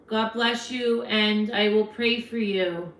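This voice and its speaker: A woman's voice: medium pitch, steady tone, takes it slowly, fairly bright tone. Talkative Jersey woman in her fifties hosting a live chat, frank and leisurely, roomy home sound. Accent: New Jersey. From New Jersey. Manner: chatty, frank, talks back to viewer comments. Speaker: livestream host. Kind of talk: casual live chat reading comments.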